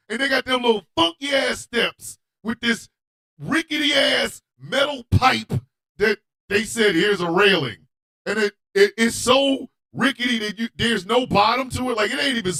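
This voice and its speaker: A man hosting a radio show, telling a comedic story in a loud, animated, profane way and often shouting. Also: extremely high pitch.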